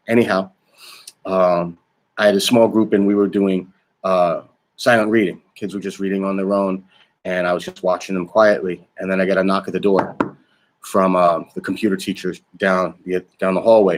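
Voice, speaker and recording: A middle-aged male teacher speaks to camera with a very low, deep voice. He tells a personal memory slowly and thoughtfully, pausing often with ums and uhs. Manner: halting, thoughtful storytelling with frequent pauses and fillers. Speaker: social studies teacher. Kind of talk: personal reflective recollection to camera.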